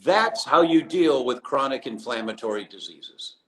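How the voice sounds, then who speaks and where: Poor audio captures a man with a medium-pitched voice speaking at a moderate pace as a guest in a remote live interview from abroad. His storytelling is animated, with the people he quotes acted out in their own voices.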